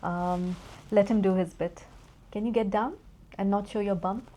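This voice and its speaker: Mellow-voiced woman rambling through a perfume review, chatty, keeps getting sidetracked. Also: mid-range voice, steady tone, normal speed. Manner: chatty, rambling, distracted by her cat. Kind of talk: casual review vlog.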